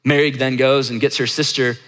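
Brief: conversational male preacher, bright voice, long reverb of a large hall. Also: medium pitch, flat delivery, a little fast. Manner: conversational, emphatic repetition. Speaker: pastor. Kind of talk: sermon.

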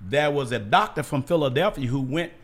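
A man's voice: mid-range voice, animated, a little fast. A man telling stories as a podcast guest, acting out quoted dialogue with emphatic, passionate delivery. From United States. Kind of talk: storytelling in casual conversation.

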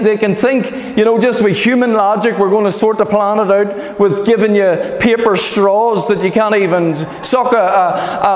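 A man preaching a sermon as pastor, emphatic and animated, calling for amens from the congregation. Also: very high voice. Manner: emphatic, animated preaching with repeated calls of amen. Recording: echoey hall reverb.

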